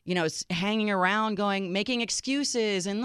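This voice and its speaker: Smooth-voiced woman co-hosting a dating show. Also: normal speed, few pauses, no room sound, clean studio sound. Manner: animated, swoops up high when acting out quotes. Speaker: co-host. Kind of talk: casual podcast chat.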